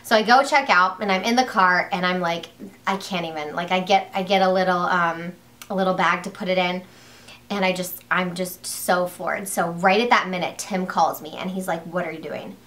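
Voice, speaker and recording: A young woman talks straight to her viewers in a casual vlog. She tells the story in a loose, rambling way, full of "like" and false starts, and her voice jumps up with excitement. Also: lowish voice, normal speed. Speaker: vlogger.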